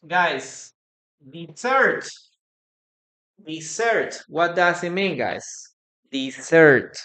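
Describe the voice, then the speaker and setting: Speaking very slowly in an expressive, slightly bright mid-range voice, a Peruvian English teacher runs a live lesson online. Spanish is the teacher's native tongue, and the accent is Peruvian Spanish. The lesson involves drilling pronunciation through repetition and frequent thanks to viewers.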